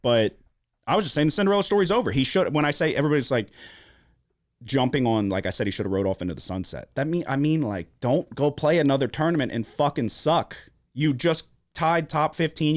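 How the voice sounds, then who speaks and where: A man from Louisiana hosting a sports-betting podcast, telling a story in casual chat with a lot of swearing and animated emphasis. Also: fairly high pitch, fast talker, no echo, clean studio sound. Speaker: podcast host. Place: studio.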